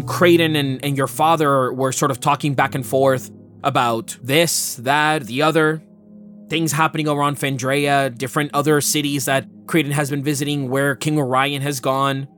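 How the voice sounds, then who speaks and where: A man's voice: a little high, fairly bright tone. A man narrating a tabletop game as game master, descriptive and loose with casual fillers.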